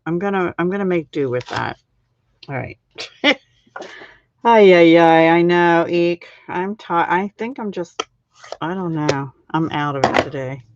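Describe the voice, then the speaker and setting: With a fairly low, animated voice at a moderate pace, a middle-aged woman hosts a card-making live stream. She's chatty and self-deprecating, laughing frequently as she flubs things during the casual crafting demo. The background is noisy and the recording is dull and lo-fi.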